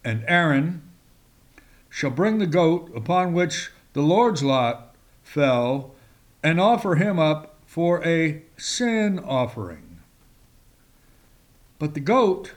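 Male preacher, slow and emphatic, fairly high voice, reads scripture between remarks. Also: expressive. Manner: slow, emphatic delivery with sudden rises in pitch; reads scripture in old-fashioned wording. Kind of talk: sermon with scripture reading.

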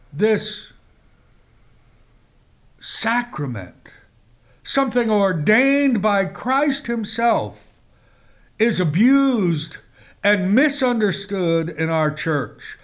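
Male preacher, slow and emphatic, fairly high voice, reads scripture between remarks. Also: sing-song. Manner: slow, emphatic delivery with sudden rises in pitch; reads scripture in old-fashioned wording. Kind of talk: sermon with scripture reading.

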